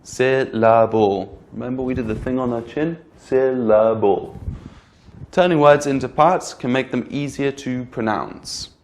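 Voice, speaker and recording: Male English tutor, middle pitch, slow and deliberate, drawing out stressed syllables. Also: a little hiss or hum. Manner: models words slowly with exaggerated stress. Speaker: English pronunciation teacher. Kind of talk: slow, clear teaching delivery.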